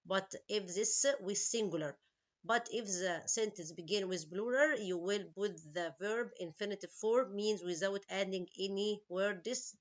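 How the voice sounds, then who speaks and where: A woman English teacher, a non-native speaker whose first language is Arabic, explains vocabulary and grammar slowly, asks her students questions and makes small grammar slips. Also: medium pitch. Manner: slow, explains each word and asks questions. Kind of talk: online English lesson. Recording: slightly dull lo-fi recording.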